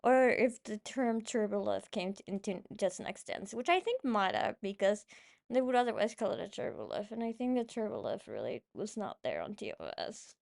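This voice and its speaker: A woman's voice: mid-range voice, very animated, moderate pace, gravelly, a little mellow. A woman hosting a podcast, chatting casually about a movie she loves, swearing freely and getting emotional. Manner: swears freely, gets emotional, many fillers. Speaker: podcast host. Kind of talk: casual rambling movie chat.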